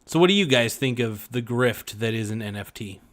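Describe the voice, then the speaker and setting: A man's voice: medium pitch, expressive, fairly quick, fairly bright tone. A man hosting a podcast, ranting in profane, sarcastic commentary and mocking people in put-on voices. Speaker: podcast host.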